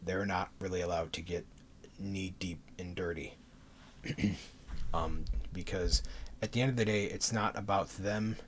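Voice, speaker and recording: A man's voice: deep voice, steady tone, unhurried, pauses often, slight background noise. A man streaming to his audience, talking passionately off the cuff with many fillers and restarts, audibly out of breath.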